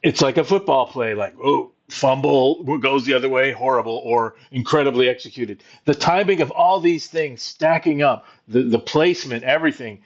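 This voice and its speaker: A man's voice: medium pitch, moderate pace, hardly any pauses. A man who used to write wrestling shows, chatting casually in a laid-back way, swearing and laughing easily. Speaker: former wrestling writer, co-host. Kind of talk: casual chat. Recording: dull lo-fi sound.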